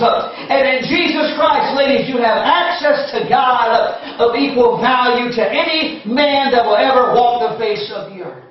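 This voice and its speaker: High-voiced male preacher in an echoing hall. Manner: impassioned storytelling, exhorting. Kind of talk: sermon. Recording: echoey hall, distant muffled mic.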